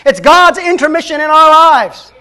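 A man preaching a sermon as a pastor, emphatic and swinging between loud and hushed. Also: very high-pitched, normal speed.

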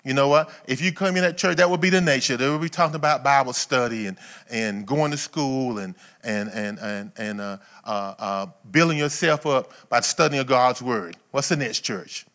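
A man preaching a sermon in a conversational, folksy way, asking the congregation rhetorical questions and swinging between quiet asides and emphatic bursts. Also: medium pitch, moderate pace. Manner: folksy, colloquial phrasing. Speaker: pastor.

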